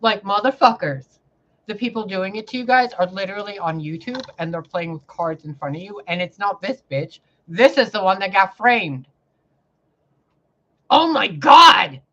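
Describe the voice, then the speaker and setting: A woman vlogging a rambling, profane spiritual rant that swings between loud outbursts and hushed muttering. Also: medium pitch, moderate pace, dull audio. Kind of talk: ranting spiritual vlog monologue.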